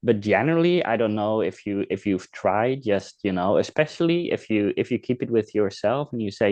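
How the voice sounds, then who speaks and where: Calm low-voiced man giving advice. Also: normal speed, hardly any pauses, dry recording. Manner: calm, reflective, acts out example dialogue. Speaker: podcast host giving advice. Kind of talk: casual advice talk.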